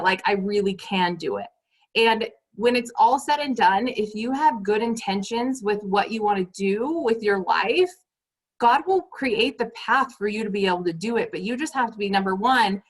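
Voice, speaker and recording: A woman's voice: medium pitch, low-quality recording. A woman leading her sales team on a motivational call. She talks emphatically, repeats her points and keeps turning to the listeners as "you guys".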